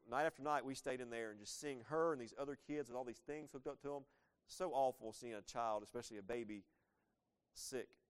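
A man in his thirties preaching a sermon, talking conversationally and asking the listeners rhetorical questions. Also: fairly high pitch. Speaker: pastor.

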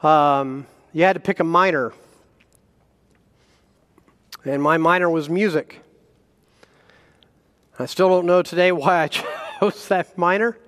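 Preaching man, slightly high voice, reverberant hall. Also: unhurried, pauses often, clear, resonant tone. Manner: animated preaching with self-deprecating humor and chuckles. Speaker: guest pastor. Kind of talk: sermon. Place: church sanctuary.

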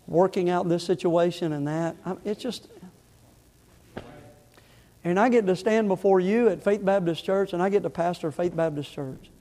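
Impassioned preacher man with a high voice. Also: big-room sound. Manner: impassioned preaching, swings from loud to soft. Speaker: pastor. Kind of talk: sermon. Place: church sanctuary.

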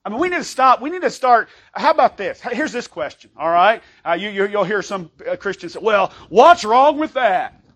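A man with a high voice preaching a sermon from the pulpit. He talks emphatically and conversationally, pausing to ask for an amen. When he reads scripture, he slows right down. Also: bright, forceful tone. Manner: emphatic, calls for amens, reads scripture slowly. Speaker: pastor.

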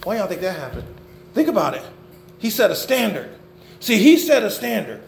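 An older man preaching a sermon, swinging between loud emphasis and low murmurs. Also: sing-song, normal speed, creaky, roomy sound, background noise. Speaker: pastor.

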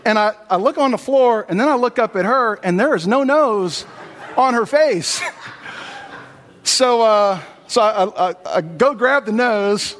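A male pastor delivers a sermon in a relaxed, folksy storytelling manner, scattering fillers through his sentences. His voice sits somewhat high for a man, and it rings with the long reverb of a church sanctuary. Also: a little slow. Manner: folksy storytelling with many "you know" fillers.

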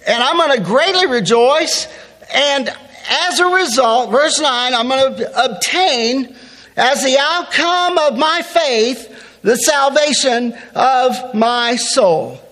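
A man's voice: extremely high pitch, fairly bright tone, in a large hall. A man preaching a sermon, building emphasis and reading scripture aloud. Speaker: pastor.

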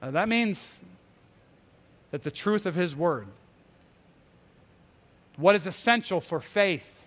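A man with a notably high voice delivers an earnest sermon, swelling loud on his main points and then dropping low and quiet. His words ring with the long reverb of a large hall. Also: lively intonation, takes it slowly. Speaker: pastor.

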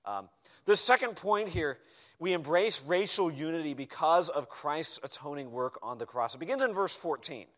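A man delivering a sermon in a church, pressing his points with emphasis and swinging between loud declarations and softer, quieter asides. His voice sits a little higher than most men's. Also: animated, normal speed. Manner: emphatic preaching with sudden soft asides. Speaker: pastor. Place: church hall.

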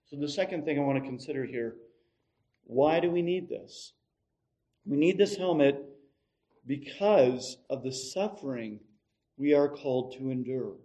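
A middle-aged man preaching a sermon as pastor, telling stories with animation and moving between loud emphasis and quiet asides. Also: mid-range voice, expressive, unhurried, pauses often, low-quality recording.

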